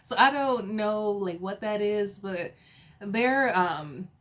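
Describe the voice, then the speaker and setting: A woman hosts a casual recap of a reality TV episode. She talks in a chatty, giggly way, with plenty of fillers and playful asides to her viewers. Her pitch sits in an ordinary middle range. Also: lively intonation, takes it slowly, a bit bright.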